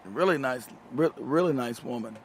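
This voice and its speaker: With slight background noise, a man in his fifties hosting a show speaks at medium pitch and a moderate pace, his voice expressive. His casual monologue is made up of loose, profane stories, punctuated by frequent laughter and repetition.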